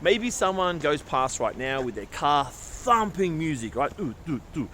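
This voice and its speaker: A man's voice: a little high, measured pace. An Australian man vlogging outdoors, chatting casually and acting out conversations as he tells stories. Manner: animated storyteller who acts out conversations. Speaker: travel vlogger. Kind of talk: casual travel vlog monologue. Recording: street noise and passing traffic.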